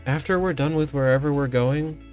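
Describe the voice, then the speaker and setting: A woman voicing a gentle, timid young male lynx in a visual novel read-along, soft and sheepish. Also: low voice, fairly quick, soft background music, close to an everyday voice. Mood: quiet.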